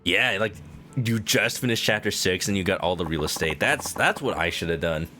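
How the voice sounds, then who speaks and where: A man's voice: deep voice, lively intonation, moderate pace, pushed and bright, soft background music. A man chatting casually with viewers while playing a game on stream, rambling with lots of "like" fillers.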